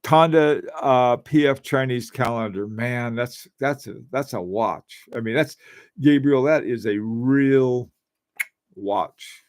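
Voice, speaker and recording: An older man hosts a casual livestream, answering viewers in a loose, rambling way and laughing often. His pitch sits in the middle range. The sound is dry and close, with no room echo. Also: takes it slowly. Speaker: livestream host. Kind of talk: casual livestream chat reading viewer comments.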